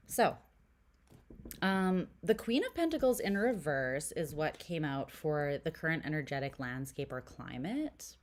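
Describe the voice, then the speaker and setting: A woman from Canada doing a casual tarot reading to camera, chatty and giggly, full of "like" and dropping into whispered asides. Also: low-pitched. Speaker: tarot reader.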